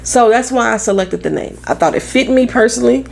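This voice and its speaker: A young adult woman from St. Louis, now living in Florida, with a Midwestern accent gone a bit country, talking loud and blunt in a casual tarot vlog, swearing freely. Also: fairly high pitch, lively intonation, a little fast, vocal fry, a little hiss or hum. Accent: Southern-tinged Midwestern American. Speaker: tarot reader.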